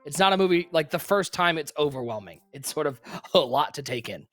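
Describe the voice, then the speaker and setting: Lively rambling stream co-host. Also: medium pitch. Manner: rambling, animated, quick swings between excitement and quiet asides. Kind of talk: casual live-stream chat.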